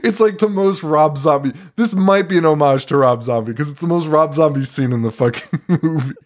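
A man's voice: fairly high pitch, a little fast. A man co-hosting a podcast, recapping a horror film in casual chat, swearing and laughing often. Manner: profane, laughing, animated retelling. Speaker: podcast co-host. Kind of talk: casual movie review chat.

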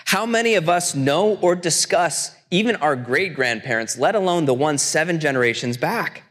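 A man preaching a sermon as pastor, telling a story earnestly and slowing down for quotations. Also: fairly high pitch, animated, a bit bright. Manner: earnest storytelling, slows for quotes. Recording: long church reverb.

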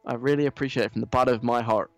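A man's voice: mid-range voice, steady tone, rapid-fire, no room sound, soft background music, lightly acted. Man doing a whiny American influencer girl. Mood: self-pitying. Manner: self-pitying, whiny. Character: entitled whiny young female influencer. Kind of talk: mock reading of a social post.

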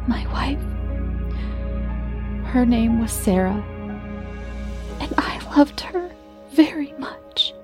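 Female narrator for a dark fiction story: hushed, half-whispered, unhurried, with a gravelly edge. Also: medium pitch. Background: music.

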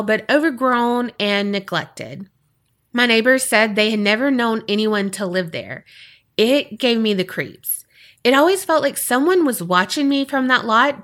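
A woman co-hosting a podcast, chatting casually and reading a listener's story aloud with expressive delivery. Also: a little high. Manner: animated, expressive storytelling with lively reactions. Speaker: podcast co-host.

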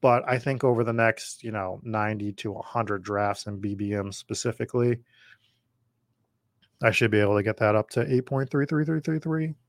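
This is casual live drafting commentary from a man hosting a podcast, who wanders chattily between his picks and viewer comments. His lowish voice is a bit worn and moves at a moderate pace. There's no echo, and the studio sound is clean.

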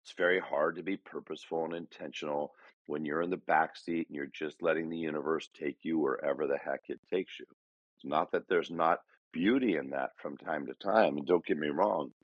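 A man with a very low voice co-hosts a casual podcast chat, thinking out loud in an earnest, reflective way. He keeps turning points into rhetorical questions for the listener. The sound is dry and a little dull, lo-fi. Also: no echo. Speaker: podcast co-host. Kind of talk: casual conversation.

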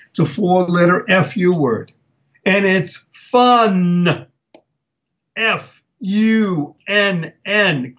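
An older man hosting a live talk radio show, speaking slowly and deliberately and spelling words out for emphasis. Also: a little high, gravelly, dull audio.

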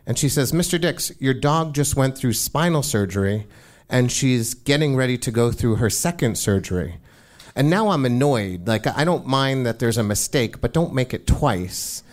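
A man with a middle-pitched voice tells a personal story aloud in a relaxed, chatty manner. He drops in casual fillers as he goes. He voices each person he quotes in his retelling. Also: normal speed. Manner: conversational, informal, frequent "like" fillers.

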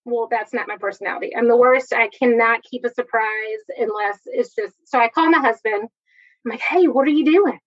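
A woman, telling her personal story in a chatty, earnest way with quick asides. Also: on the high side, highs cut off. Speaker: guest sharing personal story.

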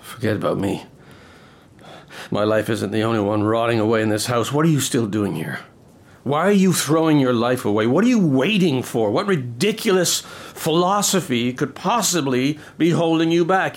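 An actor playing a bitter, drunken middle-aged estate manager, rambling and self-pitying in a stage drama. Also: male voice, medium pitch, lively intonation, normal speed. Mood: urgent. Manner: rambling, melancholy, pleading.

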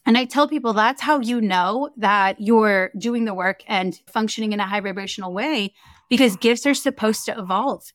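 Animated woman telling a story, dry sound. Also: mid-range voice, moderate pace, no echo. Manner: animated, acts out quoted dialogue. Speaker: guest, Akashic record reader. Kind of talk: casual interview storytelling.

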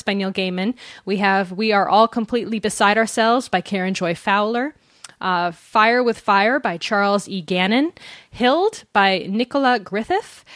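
A woman's voice: mid-range voice, fairly bright tone, dry recording, studio quality. A woman co-hosting a book podcast in a casual, chatty, self-deprecating way over a remote call. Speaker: podcast co-host. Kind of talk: casual chat.

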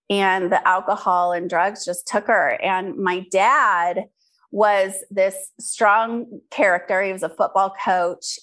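A woman's voice: medium pitch, a bit bright. Candid woman sharing her story. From California, USA. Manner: earnest, frequent ums and restarts. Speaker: interview guest, skincare business founder.

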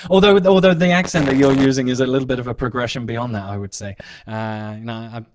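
A man's voice: medium pitch, steady tone, quick pace, darkish tone. A middle-aged man co-hosting a podcast, talking in a jokey, playful, chatty way. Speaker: podcast co-host. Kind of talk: casual chat.

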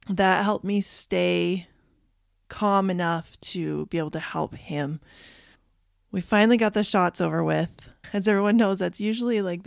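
A woman in her thirties, a podcast host, candidly telling listeners a personal story, emotional and halting at times. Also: on the low side, gravelly, no room sound, studio quality.

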